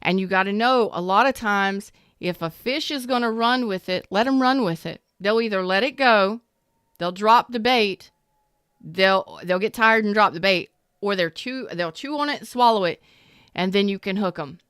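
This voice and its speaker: A woman's voice: mid-range voice, normal speed, fairly bright tone, smooth, no echo, clean studio sound. A woman giving a casual tarot reading, talking in an emphatic, repetitive way and drifting into a personal story. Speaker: tarot reader.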